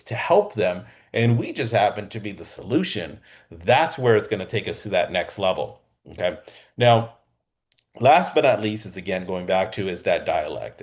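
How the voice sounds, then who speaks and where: A man with a fairly low voice teaches real estate agents in a loose, energetic lesson. He talks like he is chatting with the room and keeps tossing in a quick "okay?" to check that the point landed. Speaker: real estate sales coach. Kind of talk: coaching lesson. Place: Southern California.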